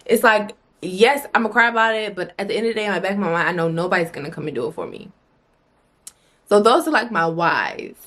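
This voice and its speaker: A young woman vlogging straight to her viewers in a casual, unscripted way. She is blunt and emphatic, swears freely, and hammers her points home by repeating phrases. Her voice sits at an ordinary middle pitch for a woman. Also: animated, a little fast, a bit bright. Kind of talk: casual motivational vlog talk.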